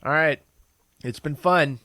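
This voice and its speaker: A man's voice: on the high side, slow pace, bright, forceful tone, dry recording, studio quality. A man co-hosting a podcast, answering with short, laid-back remarks and signing off. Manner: brief, laid-back reactions. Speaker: podcast co-host.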